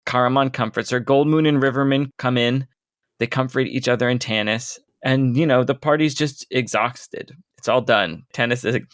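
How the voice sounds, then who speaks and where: A man co-hosting a casual book podcast, calmly summarizing the plot and reading passages aloud. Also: mid-range voice, normal speed, dry recording, clean studio sound. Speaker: podcast co-host.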